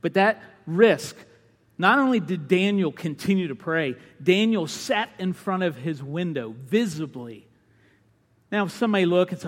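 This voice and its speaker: A man preaching a sermon as a pastor, impassioned, rising to shouts and dropping low. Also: animated, unhurried. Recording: long hall reverb.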